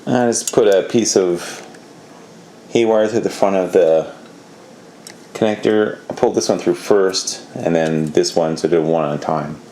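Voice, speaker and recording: A deep-voiced man talks through a motorcycle job in his garage, laid-back and rambling, with a touch of exasperation. A faint hiss of background noise sits under his voice. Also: unhurried, warm tone. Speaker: motorcycle DIY vlogger. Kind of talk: casual how-to narration.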